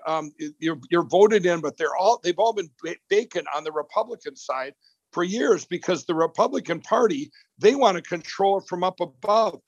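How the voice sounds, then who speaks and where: A man's voice: high-pitched, dry recording, lo-fi sound. A man, a company boss interviewed as a guest, talking in a rambling way with many restarts and repeated words. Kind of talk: animated call-in interview.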